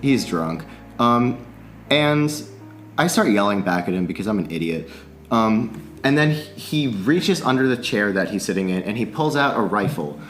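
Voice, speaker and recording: A man with a fairly low voice tells a long tale with lively energy, laughing and swearing as he goes. Soft music plays faintly in the background. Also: normal speed. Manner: animated storyteller, swears freely, laughs often. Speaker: podcast guest, musician. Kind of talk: casual storytelling.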